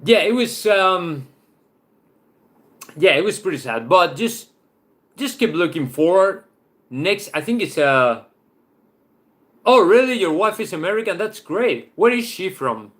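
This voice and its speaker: Brief Spanish-accented man, football host, slightly higher voice, casual stream chat full of "right?" and "I mean". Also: big pitch swings, a little slow, pauses often, fairly bright tone. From Spain. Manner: chatty, loose, often restarts with "right?" and "I mean".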